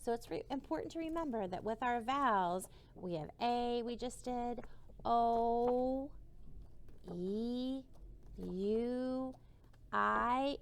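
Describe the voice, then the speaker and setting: A woman teacher giving a slow phonics lesson to young children, sounding out each vowel and gently encouraging them. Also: mid-range voice. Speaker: kindergarten teacher.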